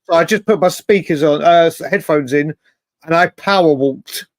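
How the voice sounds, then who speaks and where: Casual guy on a footy podcast, kinda high voice, rambles and restarts, dry close mic. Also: moderate pace, no echo. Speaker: podcast co-host. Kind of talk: casual chat.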